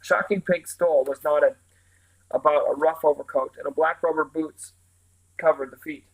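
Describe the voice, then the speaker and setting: A man reading a novel aloud, his voice pitched a little high. He tells the story at a steady, even pace. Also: normal speed, low-quality recording. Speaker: reader.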